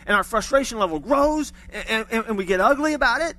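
A male pastor preaching in a church, his voice pitched high and bright. he talks to the room like a conversation, cracks jokes, and often restarts his sentences. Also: animated, fairly quick, hardly any pauses. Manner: conversational preaching, with humorous asides and repeated restarts. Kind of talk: sermon.

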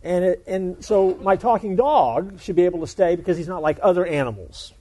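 An eager, pushy man pleading to keep his dog at his side, as a man puts him on in a joke. His voice is warm and sits slightly high. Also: fairly quick.

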